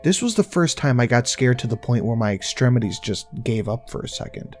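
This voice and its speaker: A man's voice: medium pitch, expressive, brisk, soft background music. A man narrating a first-person horror story in a tense, intense way, swearing now and then.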